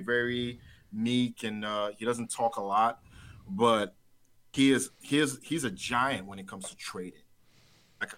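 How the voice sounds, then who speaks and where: A man's voice: mid-range voice, fairly bright tone. Rambling man telling a trading story. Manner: rambling, repeats words, laughs easily. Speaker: trader guest. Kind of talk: casual interview storytelling.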